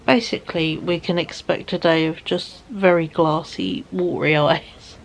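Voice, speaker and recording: A tired woman vlogging from home in a rambling, soft way that often drops to a whisper. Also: deep voice, fairly even intonation, unhurried. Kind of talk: casual chat to camera.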